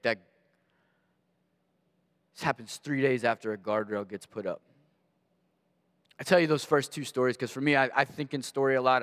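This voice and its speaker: Male guest preacher, mid-pitched, lively storyteller, big hall reverb. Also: clear, resonant tone. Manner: animated storyteller, acts out voices in anecdotes. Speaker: guest pastor. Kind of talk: storytelling sermon. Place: church sanctuary. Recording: long reverb of a large hall.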